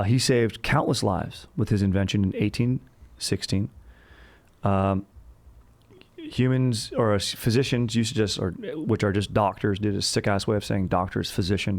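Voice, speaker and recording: Vocal fry colors this podcast host's lowish male voice. He chats casually and comically about history in a rambling, jokey way, leaning on bro slang and saying "dude" over and over.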